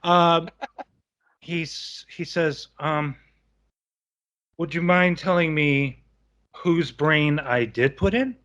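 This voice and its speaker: A man's voice: a little high, slow pace, pauses often. A man co-hosting a casual film podcast, retelling scenes and acting out lines with gusto. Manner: animated, acts out movie lines. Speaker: podcast co-host.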